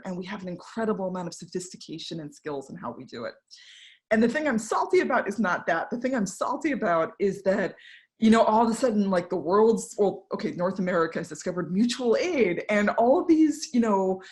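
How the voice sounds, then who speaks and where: An invited speaker, a woman, gives a candid, conversational talk from home to an online audience, using fillers and asides and voicing the people she quotes. Her pitch is fairly low and her tone darkish.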